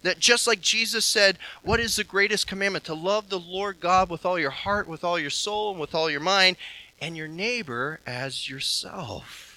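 A man preaching a sermon with passion, his delivery swinging from hushed to loud. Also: sits high, moderate pace, rough recording.

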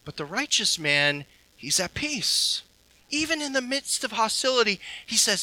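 Impassioned bright-voiced male preacher. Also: high voice, very animated, measured pace, no room sound, rough recording. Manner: impassioned, swinging from hushed to loud. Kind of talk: sermon.

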